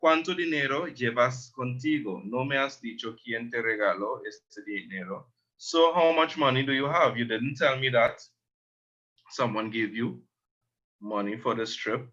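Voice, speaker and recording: A man teaching a language lesson, slowly explaining words and repeating them. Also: mid-range voice, bright, forceful tone, muffled recording.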